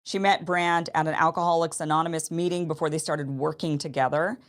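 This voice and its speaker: Woman, host, low-pitched, commentary, thinking aloud, restarts, thirties. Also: fairly even intonation, a little fast. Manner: thinking aloud, frequent restarts and "you know". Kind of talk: commentary on news allegations.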